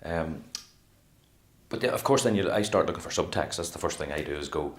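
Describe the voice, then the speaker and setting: A middle-aged male actor chats about his craft in a casual interview. His voice is low, and he rambles with animation, slipping into little acted-out quotes. The room around him is echoey. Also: fast.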